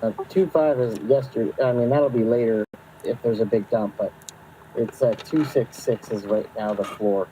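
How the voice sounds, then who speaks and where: A man in a casual chat lays out price levels matter-of-factly. His tone is dark and mellow, with faint noise behind him. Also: mid-range voice, moderate pace, rough recording.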